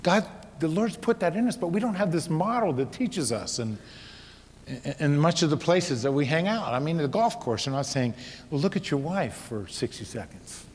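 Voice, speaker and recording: A middle-aged man telling a personal story to an audience, his delivery swinging from loud exhortation to hushed, quiet tones. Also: on the high side, sing-song, moderate pace. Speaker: speaker. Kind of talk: storytelling talk. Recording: reverberant hall with faint noise.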